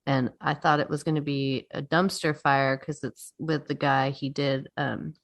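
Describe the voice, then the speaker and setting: A woman's voice: a bass voice, flat delivery, a little slow, creaky. A woman co-hosting a podcast in casual chat, swearing freely and laughing often. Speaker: podcast co-host.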